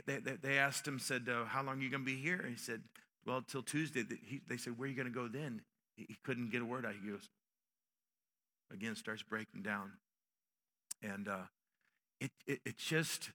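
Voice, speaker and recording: A man preaching a sermon as pastor, rising to loud emphatic peaks and dropping to quiet storytelling. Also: mid-range voice. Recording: long reverb of a large hall.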